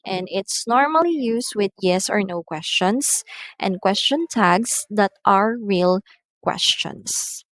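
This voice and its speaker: Woman teacher going over intonation, slow and careful, dry close sound, keeps starting with "so". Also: mid-range voice, lively intonation, a bit bright, no echo. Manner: reads numbered example sentences aloud; says "so" at the start of many lines. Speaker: English teacher. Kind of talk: recorded lesson explaining intonation.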